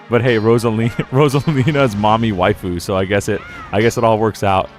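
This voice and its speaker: Young man, low voice, game streamer, rambling, frequent laughs, faint background music. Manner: rambling, laughs often, slips into silly quoted voices. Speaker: gaming streamer. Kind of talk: casual live-stream commentary.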